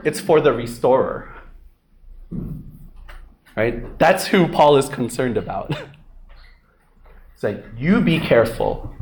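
A man preaching a sermon, telling a personal story in an animated way, full of fillers and frequent "right?" checks. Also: a little high. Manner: animated, filler-heavy, laughs often, keeps asking "right?". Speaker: pastor. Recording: echoey room.

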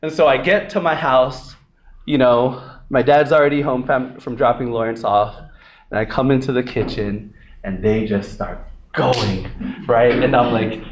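A man preaching a sermon, telling a personal story in an animated way, full of fillers and frequent "right?" checks. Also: on the high side, measured pace. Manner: animated, filler-heavy, laughs often, keeps asking "right?". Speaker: pastor. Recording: echoey room.

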